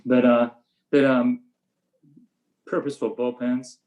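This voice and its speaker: Slow and mid-range in voice, an older American man who coaches high school baseball talks through his practice approach in a relaxed interview. He sounds plain and matter-of-fact, now and then mimicking the blunt things he says to players; the recording quality is low.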